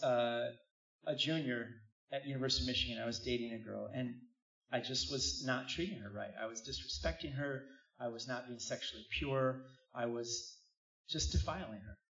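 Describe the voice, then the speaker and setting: Middle-aged man preaching in a roomy hall. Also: mid-range voice. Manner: animated storytelling with asides to the congregation. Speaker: pastor. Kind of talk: sermon. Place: church hall. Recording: roomy, distant, dull church recording.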